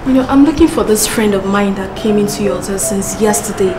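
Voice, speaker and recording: A woman's voice: mid-range voice, brisk, noisy background, close to an everyday voice. An actress with a Nigerian accent playing a worried woman asking about her missing friend. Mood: anxious. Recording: echoey room with music.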